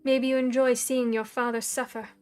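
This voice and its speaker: A woman voicing a cold, scornful dark mentor. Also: a little high, little pitch movement, moderate pace, faint music behind, close to an everyday voice. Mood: cold, commanding.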